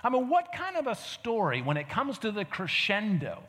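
A man's voice: sits high, huge pitch swings, normal speed, fairly bright tone, long reverb tail. A man preaching a sermon in a conversational, storytelling way, full of rhetorical questions.

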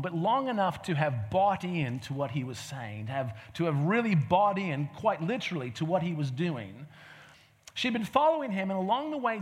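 Guy giving a sermon, chatty and animated, high voice that jumps all over, lots of questions to the crowd. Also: in a large hall. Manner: conversational, animated storytelling with rhetorical questions. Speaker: preacher.

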